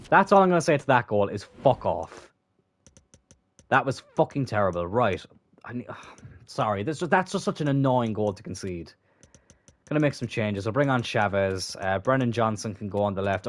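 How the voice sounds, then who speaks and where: A young man commentating his own football video game match as a streamer, swinging from calm remarks to frustrated, swearing outbursts. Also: lowish voice. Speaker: gaming streamer. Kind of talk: live gameplay commentary.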